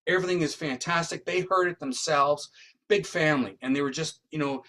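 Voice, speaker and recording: A man's voice: a little high, brisk. A man, a guest psychic medium and criminal profiler, telling a story in an interview and often tagging his lines with "right?". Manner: animated retelling, tags lines with "right?".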